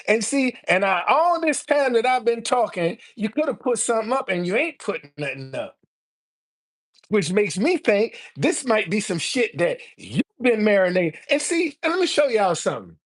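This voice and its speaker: A woman in her seventies hosting a live stream, talking heatedly to her viewers with a lot of repetition, restarts and swearing. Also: a little high. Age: 70s. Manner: fiery, repetitive, profane, stammering restarts. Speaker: livestream host answering viewers.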